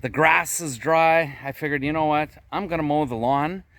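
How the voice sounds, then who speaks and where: A fairly high, slightly bright male voice at normal speed, with a bit of hiss or hum in the recording. He's a Canadian vlogger with a Canadian accent, chatting loosely about his day while outside at his garden plot.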